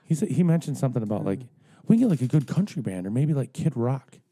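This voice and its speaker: A man's voice: mid-range voice, sing-song, fast, dark tone. A middle-aged man telling stories in casual chat among friends, swearing freely, rambling, and laughing at his own jokes.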